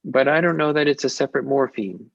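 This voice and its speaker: A man with a gravelly voice answers questions in a slow, measured way, often pausing and restarting. His voice sounds dry and close over muffled video-call audio. He speaks as a lecturer in an academic webinar. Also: medium pitch, no room sound. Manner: measured, hesitant, with many fillers and restarts.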